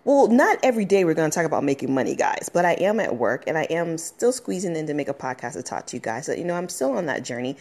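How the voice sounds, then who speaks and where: Low-voiced woman giving an emotional podcast pep talk. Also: very animated, fast, few pauses, darkish tone. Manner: emotional, encouraging, rambling. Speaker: podcast host. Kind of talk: casual motivational podcast talk. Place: at her workplace, a dog barking nearby.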